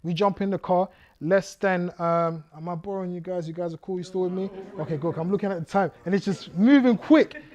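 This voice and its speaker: Animated man telling his testimony. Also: sits high, a little fast, muffled recording. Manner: vivid storyteller who reenacts scenes and directs the audience. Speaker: guest speaker. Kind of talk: testimony storytelling to a youth audience.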